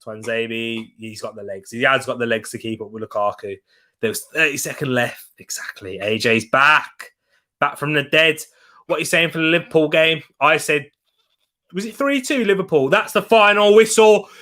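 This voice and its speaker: A young man chats through a live football stream, answering his viewers in an easy, laughing manner. His voice sits a touch high, with a bright, forceful edge. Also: normal speed. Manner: chatty and upbeat, laughs often. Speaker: football watch-along streamer. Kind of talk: live football watch-along chat, reading viewer comments.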